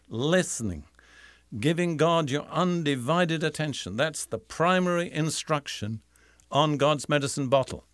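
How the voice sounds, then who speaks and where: A man preaching a sermon in a measured, deliberate way, slowing down to stress key phrases. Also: medium pitch, a bit bright, no room sound, clean studio sound. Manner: measured, deliberate, slows for emphasis.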